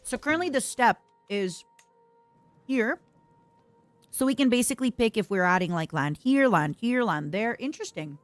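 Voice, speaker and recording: A young woman chats and reads on-screen text into a close microphone while she streams a strategy game. Her voice leaps up and down with lively, playful swings, and the sound is dry with no room around it. A little music plays softly underneath. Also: a little high, normal speed, no echo. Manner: eats and talks with mouth full, reads game text aloud. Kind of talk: casual gameplay commentary.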